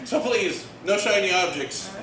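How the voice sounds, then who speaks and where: A man performing a stand-up comedy set on a club stage, delivering one-liners and acting out bits in excited voices. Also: high-pitched, unhurried. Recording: roomy, distant, noisy club recording.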